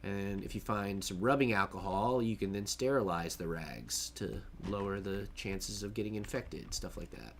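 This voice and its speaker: A man's voice: fairly low pitch, normal speed, creaky, few pauses, fairly bright tone, slight background noise. A man casually narrating his own gameplay on a stream, chatty, joking and laughing to himself as he plays.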